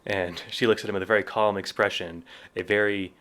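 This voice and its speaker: Male podcast co-host, low voice, easygoing book chat with read-aloud quotes. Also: brisk. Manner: reads passages aloud with lively quoted voices, chuckles often. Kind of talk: casual book discussion.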